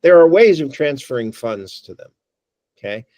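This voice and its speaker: A man's voice: medium pitch, sing-song, normal speed, a little mellow, no echo. A man giving a talk at a working group meeting, thinking aloud with wry asides and frequent restarts. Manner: thoughtful, wry, restarts phrases. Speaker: guest speaker. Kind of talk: presentation with discussion.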